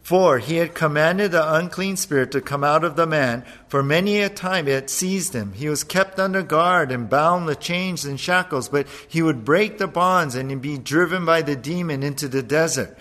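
A man preaching a sermon as pastor, animated, acting out voices as he retells a passage. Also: on the high side, normal speed, few pauses. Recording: long hall reverb.

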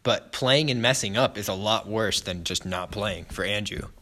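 A young man co-hosting a casual film discussion podcast, animated and quick to act out lines from the movie. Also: on the low side. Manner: lively, acts out movie quotes in voices. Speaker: podcast co-host.

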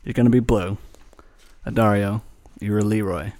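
A man hosts a casual script read, chatting and narrating in a profane, easygoing way with loose restarts. His voice is warm and fairly low, with fairly even intonation at a moderate pace, on a dry recording.

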